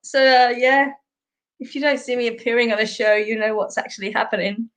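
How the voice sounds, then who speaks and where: A woman's voice: fairly high pitch, fairly even intonation, brisk, a bit bright. A middle-aged Australian woman hosting a live stream, chatting casually with viewers in a rambling way and laughing often. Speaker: host.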